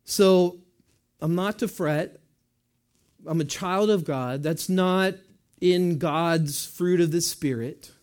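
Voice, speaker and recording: A high-voiced man with a darkish tone preaches in a chatty, conversational style. Like a pastor talking with his flock, he puts questions to the congregation and answers them himself in quick asides.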